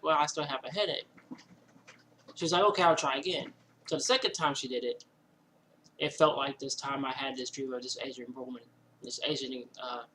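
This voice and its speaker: A man with a bright, forward voice at a middle pitch tells a casual personal story indoors at home. He rambles, acts out what he and others said, and fills gaps with "you know" and "like". A faint hiss sits under the recording. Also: poor audio. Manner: rambling, animated retelling with many fillers and quoted asides. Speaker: vlogger telling a personal story.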